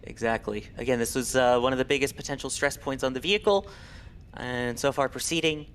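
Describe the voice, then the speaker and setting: A man giving live launch commentary in a measured, informative way, with a few fillers. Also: medium pitch, slight background noise.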